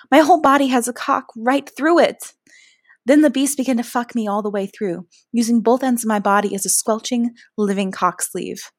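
Woman, story narrator, soft hushed delivery, breathy at times, middle pitch, dry close recording. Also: no room sound. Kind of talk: scripted first-person story narration.

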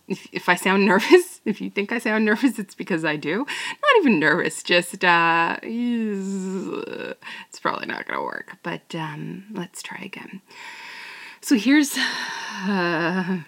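A woman chats casually before a role-play recording, rambling and giggling, and often sinks into a half-whisper. Her voice sits fairly low and she talks unhurriedly. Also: a bit bright. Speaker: audio role-play performer. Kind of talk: casual chat.

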